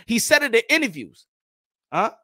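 A man hosting a boxing show, talking loud and profane, mocking critics and repeating himself. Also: very high voice, very animated, normal speed, dry recording, clean studio sound. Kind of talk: animated boxing commentary.

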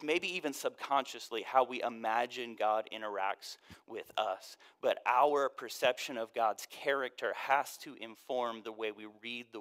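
A man preaching a conversational sermon as a pastor, casual and joking, often sinking to a soft hush. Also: mid-range voice.

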